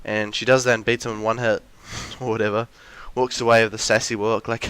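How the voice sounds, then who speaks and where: A man's voice: mid-range voice, a little fast, few pauses, a bit bright, smooth, no room sound. A young man in a ranty, rambling monologue, full of restarts and fillers, with mocking acted-out quotes of characters. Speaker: video essayist.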